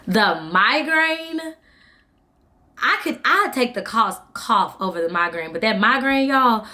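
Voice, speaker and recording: A woman's voice: a little high, normal speed. A young woman, casually telling a story to her vlog audience and acting out what people said. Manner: chatty, animated, acts out quoted dialogue. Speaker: vlogger.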